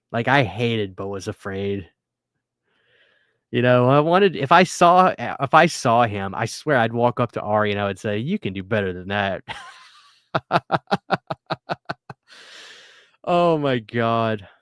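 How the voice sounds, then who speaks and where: Male stream host, casual late-night chat, slightly low voice, dry close mic, earnest and rambling. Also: lively intonation, moderate pace, fairly bright tone, clear, resonant tone, no echo. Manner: rambling, earnest, thanks viewers often. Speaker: livestream host reading viewer comments. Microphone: studio microphone.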